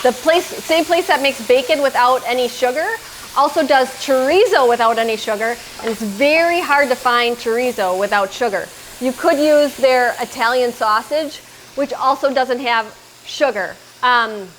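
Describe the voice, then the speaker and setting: Middle-aged woman host, upbeat higher voice, chatty home-kitchen cooking demo, faint background noise. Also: a bit bright, poor audio. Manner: chatty, explains each step while talking to her son. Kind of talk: casual cooking demonstration.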